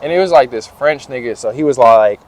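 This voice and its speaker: A man's voice: mid-range voice, brisk, a little hiss or hum. A young man in an outdoor interview, telling stories from his life in a slangy, laid-back way. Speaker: interview guest. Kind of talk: casual storytelling interview.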